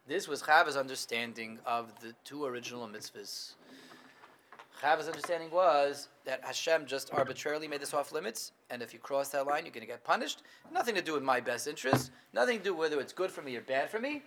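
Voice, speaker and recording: A middle-aged man teaching a Torah class, animated, questioning his students and acting out what the figures say. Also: fairly high pitch, brisk, a little hiss or hum.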